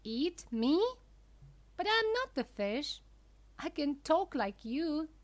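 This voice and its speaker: A woman voicing an excitable wooden puppet boy who pleads in a high, eager voice. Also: takes it slowly, heavily acted. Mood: pleading.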